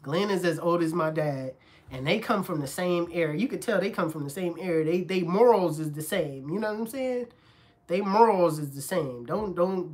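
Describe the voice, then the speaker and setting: An animated man chats casually on a live stream while he works as a barber. His pitch swings widely as he jokes around. He keeps the talk loose and playful, like he is hanging out. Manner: animated, laughing, mimics older folks in a squeaky voice. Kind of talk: casual livestream chat.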